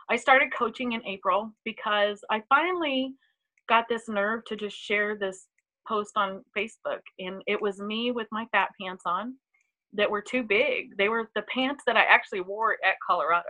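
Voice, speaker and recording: A woman telling her personal story in a heartfelt, halting way, with many pauses and ums, on a live video. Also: medium pitch, pushed and bright, rough recording. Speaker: team member sharing a testimonial. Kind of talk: emotional personal testimony.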